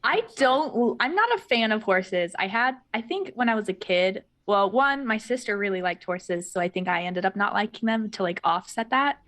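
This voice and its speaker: A woman's voice: medium pitch, expressive, normal speed, few pauses, fairly bright tone. A woman player introducing herself in casual chat, rambling with many fillers and giggles, on a home microphone over a video call.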